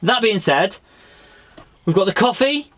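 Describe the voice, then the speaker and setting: A man's voice: high voice, animated, measured pace, fairly bright tone. A British man talking casually in a travel vlog, jokey and rambling with restarts, recorded outdoors and in a van in the mountains. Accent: British English. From United Kingdom. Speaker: vlogger. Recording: noisy outdoor camera audio.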